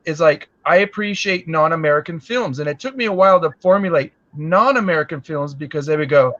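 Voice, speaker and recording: A man's voice: a little high, a little fast, few pauses, a bit bright. A man talking emphatically on a casual live stream chat, swearing now and then. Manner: talkative, emphatic, occasional swearing. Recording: dull, dry lo-fi audio.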